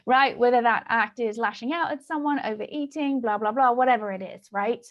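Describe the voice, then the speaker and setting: A woman hosting a relaxed conversation, with a voice pitched a little high. She draws her guest out with probing follow-up questions. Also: brisk, dull audio. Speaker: host. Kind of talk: casual chat.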